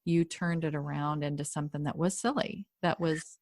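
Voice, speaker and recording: A woman hosting her own podcast as a life coach, speaking in a calm, direct coaching manner. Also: deep voice, normal speed, dry recording, clean studio sound. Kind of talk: podcast talk on emotional self-regulation.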